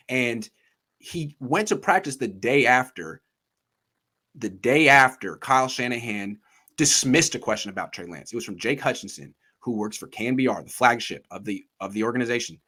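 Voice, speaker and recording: Male sports host, casual and animated, swooping, bright voice. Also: mid-range voice, normal speed. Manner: animated, acts out quotes in voices. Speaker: podcast host.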